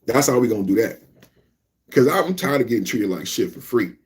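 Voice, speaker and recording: A man hosting a live reaction podcast, ranting loudly, repeating himself and talking straight to his chat. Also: medium pitch, lively intonation, fairly quick, breathy edge. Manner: loud, repetitive, talks straight to chat. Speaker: podcast host.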